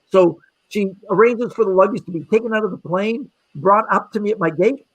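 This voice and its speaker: A middle-aged man, a magician guest on a podcast, telling a travel story in a lively way and acting out the people in it. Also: high voice, a little fast, slightly rough. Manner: lively anecdotal telling with acted-out quotes. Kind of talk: animated storytelling.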